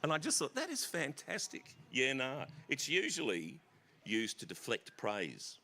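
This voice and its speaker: Rambling, joking Australian man with a bright voice. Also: mid-range voice, very animated, measured pace. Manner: self-deprecating, laughs at his own stories, wanders off on tangents. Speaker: author. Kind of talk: rambling anecdotal stage conversation. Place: festival stage before an audience.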